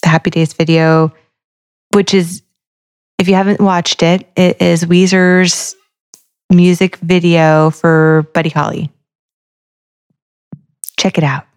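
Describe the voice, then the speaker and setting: Woman, lower voice, casual podcast chat, thinking aloud, explaining lyrics. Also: flat delivery, takes it slowly, long pauses, clean tone. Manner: talks through song lyrics line by line, thinking aloud. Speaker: podcast co-host.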